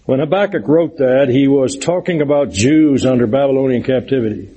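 Middle-aged man, preacher, Bible lesson; husky, mellow tone, earnest and emphatic. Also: medium pitch, brisk, low-quality recording. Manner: earnest, explanatory, emphatic with scripture quotes. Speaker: preacher teaching a Bible study. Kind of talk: sermon-style Bible lesson.

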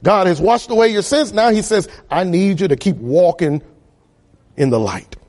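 A man preaching a sermon, building repeated phrases to loud emphatic peaks. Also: sits high, lively intonation, moderate pace. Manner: emphatic, repetitive cadence, rising to loud peaks.

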